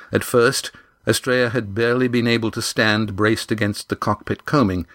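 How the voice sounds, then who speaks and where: A man reading an adventure novel aloud in a measured, even storytelling manner on a close studio mic. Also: on the low side, no room sound. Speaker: audiobook narrator. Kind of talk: scripted narration of an adventure novel.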